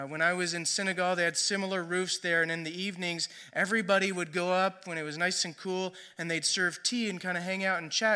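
A man's voice: high voice, bright, forceful tone. A man preaching a sermon in a conversational storytelling way, often checking in with "right?". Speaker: pastor.

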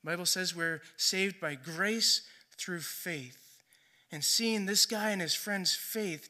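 A man's voice: sits high, slow pace, bright, forceful tone. A man preaching a sermon in a conversational storytelling way, often checking in with "right?". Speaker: pastor.

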